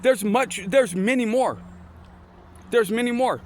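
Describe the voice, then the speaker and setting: Rambling high-voiced man telling stories. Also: unhurried, a little mellow, a little hiss or hum. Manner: rambling, repeats words and restarts often; mixes in scripture quotes. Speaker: motivational storyteller. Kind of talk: casual motivational storytelling.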